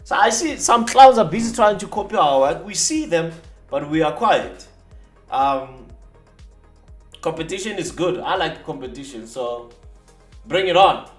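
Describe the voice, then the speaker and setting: A man talks casually on a live trading stream, boastful and teasing his rivals. His voice sits fairly high for a man. The room is echoey, with faint music underneath. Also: expressive, measured pace. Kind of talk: live-stream talk demonstrating software.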